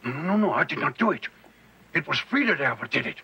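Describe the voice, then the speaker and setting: A man's voice: fairly high pitch, very animated, fast, sharp tone, muffled recording, a little hiss or hum, full character voice. An actor playing a sly old male ex-Nazi professor who speaks with a German accent. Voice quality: accented, mocking.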